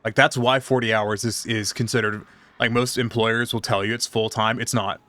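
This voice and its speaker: Bright-voiced man ranting while streaming. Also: lowish voice, flat delivery, normal speed. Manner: profane, exasperated storytelling. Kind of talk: casual ranting chat.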